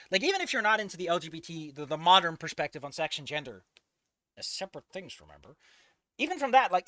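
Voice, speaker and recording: A man's voice: high voice, bright, forceful tone, no echo. A man giving casual commentary on a fan fiction he reads aloud, ranting in a profane, exasperated way.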